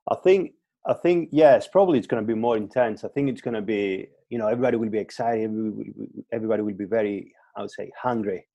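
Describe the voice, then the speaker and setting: Over a choppy remote connection, a fitness coach with a low, mellow, creaky voice talks at a quick clip as a guest on a casual podcast. His speech is hesitant, with frequent restarts and repeated words, and the lo-fi sound has no room echo.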